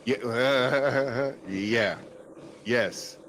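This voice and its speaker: A man's voice: medium pitch, drawn-out words, fairly bright tone, a little hiss or hum. A man hosting a podcast in casual chat, rambling and swearing freely, with plenty of fillers and restarts. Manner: rambling and profane, full of fillers. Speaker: podcast host.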